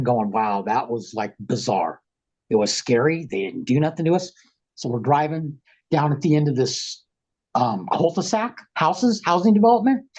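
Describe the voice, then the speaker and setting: Middle-aged podcast guest, husky, animated and rambling, muffled recording. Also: male voice, on the high side. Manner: animated, rambling, slangy, acts out quotes. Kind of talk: casual storytelling.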